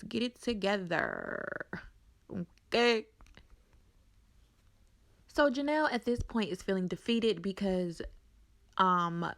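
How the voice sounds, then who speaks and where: A woman from from there, recapping a reality show in a sassy, animated, gossipy way. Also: mid-range voice, vocal fry. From North Carolina. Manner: sassy, animated storytelling with exclamations.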